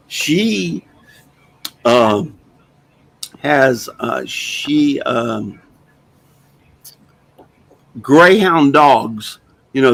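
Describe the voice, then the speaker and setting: Gravelly older guy hosting a chat show, folksy rambling storyteller, 60s. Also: medium pitch, a bit bright, low-quality recording. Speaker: host.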